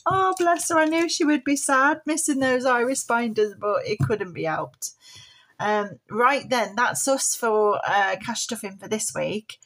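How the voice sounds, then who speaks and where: Chatty woman, high voice. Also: animated, a little slow, fairly bright tone. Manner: chatty, homely, affectionate terms like bab and chick. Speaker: budgeting vlogger. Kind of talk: casual chat to viewers.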